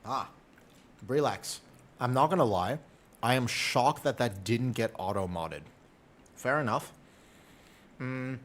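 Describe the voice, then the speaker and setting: Animated, swearing male game streamer. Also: mid-range voice, takes it slowly, pauses often. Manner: animated, swears freely, scolds his cat playfully. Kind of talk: casual live-stream chat. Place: home room at a computer.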